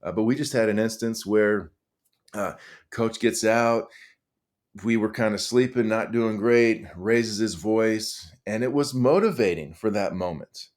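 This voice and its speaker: A middle-aged man, a high school coach, talking through stories in an earnest, animated way with lots of fillers and restarts. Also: a little slow. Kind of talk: conversational storytelling.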